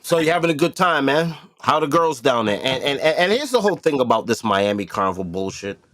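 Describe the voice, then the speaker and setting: A man's voice: medium pitch, sing-song, fairly quick, fairly bright tone, dry recording, studio quality. A man hosting a podcast in casual chat, emphatic and profane, repeating himself for effect. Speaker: podcast host.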